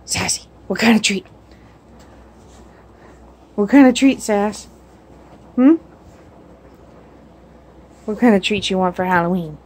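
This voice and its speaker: Woman, baby talk to a pet, coaxing sing-song questions, slow unhurried delivery, phone recording at home. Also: mid-range voice, a little mellow, slightly rough. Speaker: pet owner filming her cat. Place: home indoors. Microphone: phone camera.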